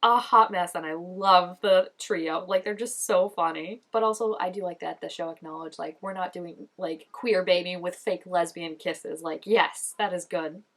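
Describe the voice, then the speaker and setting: A woman's voice: on the low side, moderate pace, few pauses, fairly bright tone. A young woman reacting to a show episode in casual, gushing commentary, chatty and full of "like". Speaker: reaction vlogger.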